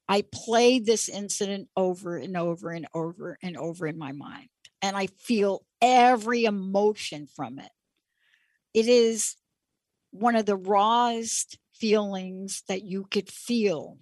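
Slow, reflective woman host. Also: medium pitch, dry recording. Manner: reflective, emphatic, repeats key words. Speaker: show host. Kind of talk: personal storytelling monologue.

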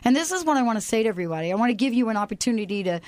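A woman hosting an inspirational radio talk show, animated and playful, breaking into bits of song. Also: on the high side, rapid-fire, no room sound. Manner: animated, playful, sings snatches of songs.

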